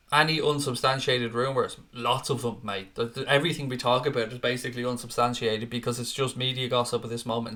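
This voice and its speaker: A man's voice: mid-range voice, fairly bright tone. A young man hosting a casual live stream, chatting and reading out viewer comments, swearing freely. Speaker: host.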